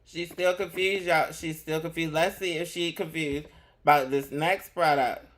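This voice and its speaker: A man's voice: a little high, steady tone, moderate pace, a bit bright. A man hosting a casual commentary show, chatting straight to his viewers. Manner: chatty, addresses viewers directly. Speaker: host.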